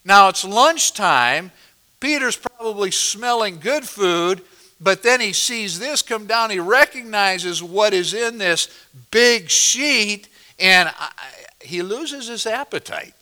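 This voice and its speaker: A pastor preaching a sermon, explaining a passage verse by verse and asking the congregation questions, moving between loud emphasis and quiet asides. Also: male voice, high-pitched, expressive, slow pace. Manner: expository, asks the congregation questions.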